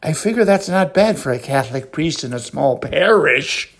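A humble, bashful golfer who stammers out apologies and polite answers, as a man plays him while telling a joke. His voice is gravelly and swings up and down with a lively lilt. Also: on the high side, normal speed, noisy background, pitched above the performer's own voice.

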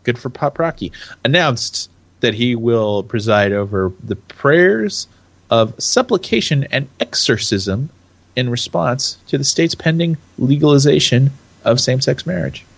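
A man's voice: mid-range voice, expressive, a little slow, gravelly, husky. A young adult man from California co-hosting a casual podcast chat, rambling, restarting his sentences and laughing often. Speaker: podcast co-host.

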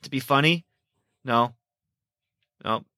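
A man co-hosting a casual movie review chat, animated and laughing often as he talks. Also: mid-range voice, takes it slowly, no echo, clean studio sound. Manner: animated, laughs often, acts out quoted lines. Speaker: podcast co-host.

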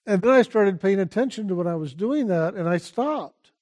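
Calmly and without rushing, an older man teaches on spiritual matters in a high voice. He keeps calling on listeners, over and over, to pay attention.

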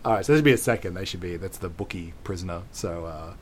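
A man's voice: deep voice, quick pace, slight background noise. A man improvising comedy scenes, rambling with plenty of fillers. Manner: rambling, full of fillers and giggles.

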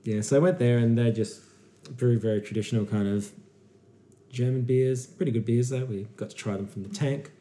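A man co-hosting a casual beer-review podcast, telling stories in a rambling, animated way. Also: mid-range voice, a little fast. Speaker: podcast co-host.

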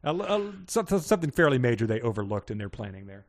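A man's voice: mid-range voice, fast talker. A man co-hosting a podcast in casual chat, reading out listener picks with a lot of laughter. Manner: laughs often, animated, jokey. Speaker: podcast co-host.

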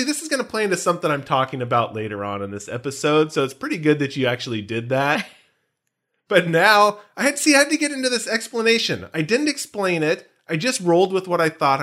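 Male podcast co-host, high lively voice, rambling, self-deprecating casual chat. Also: quick pace.

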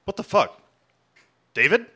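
A man's voice: measured pace, loud music behind the voice, natural voice. A man playing a hesitant, stammering young sidekick in a comedy audio drama. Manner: hesitant and stammering, bursts into yelling. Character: nervous dim young sidekick who can turn day into night.

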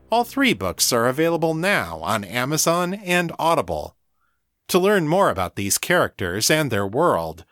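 A man hosting a podcast, reading a scripted show outro in a lively, upbeat announcing manner. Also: a little high. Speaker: podcast host.

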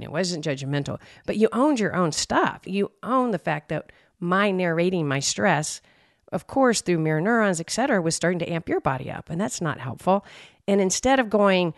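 A woman co-hosting a podcast, telling a personal story in a lively, animated way and acting out her own frustration. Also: lowish voice, no room sound, studio quality. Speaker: podcast co-host. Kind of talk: casual podcast conversation.

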